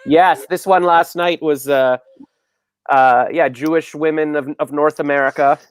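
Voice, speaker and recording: A man's voice: fairly high pitch, steady tone, unhurried, smooth, dry recording. A Canadian man in his forties, a comedian guest chatting casually on an online comedy show in a rambling, self-deprecating way.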